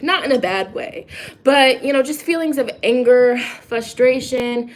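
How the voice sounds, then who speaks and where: Chatty young woman, higher voice. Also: animated, measured pace, low-quality recording. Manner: rambling, confiding, restarts often and laughs a lot. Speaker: tarot reader and vlogger. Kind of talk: casual chat to camera.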